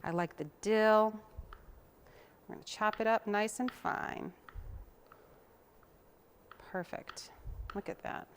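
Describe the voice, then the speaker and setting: A young woman hosts a cooking show in a home-style kitchen. She chats in a homey, easygoing way while she chops and mixes, and her voice sits in an ordinary middle pitch. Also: steady tone, slow, long pauses, a little hiss or hum. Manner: chatty and homey, talks while chopping. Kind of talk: casual cooking demonstration.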